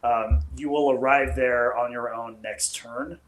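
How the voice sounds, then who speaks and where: A man in the game master's seat, calmly explaining rules and describing the scene. He speaks at a middle pitch, with plenty of ums and restarts. His voice carries a roomy echo. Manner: relaxed, halting, many fillers and restarts. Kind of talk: narrating a tabletop game.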